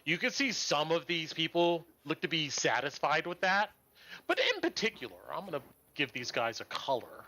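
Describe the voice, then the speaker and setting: Bright-voiced man narrating as game master. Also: on the high side, animated, moderate pace. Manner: narrates scenes and acts out crowd voices.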